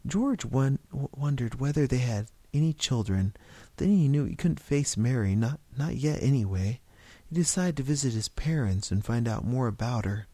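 A man's voice: mid-range voice, expressive, moderate pace, dark tone, dry recording. A man reading a story aloud, narrating with occasional slips and restarts.

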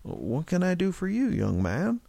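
A man's voice: on the high side, big pitch swings, normal speed, creaky, warm tone, no room sound, pitched above the performer's own voice. A man voicing a gossipy older small-town shopkeeper with a folksy drawl.

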